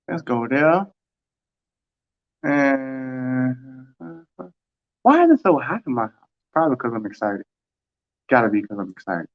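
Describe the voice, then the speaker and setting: A man hosting a casual livestream from home, telling a story and acting out quoted dialogue with big pitch swings. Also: lo-fi sound. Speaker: track and field livestream host.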